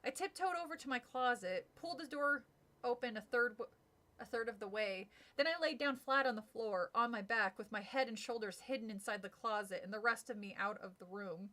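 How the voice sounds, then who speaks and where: A woman's voice: a little high, a little fast, pushed and bright. A woman streaming a casual read-aloud of a kids' horror book, chatty and giggly with frequent asides. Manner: giggly, chatty, breaks off to comment and laugh.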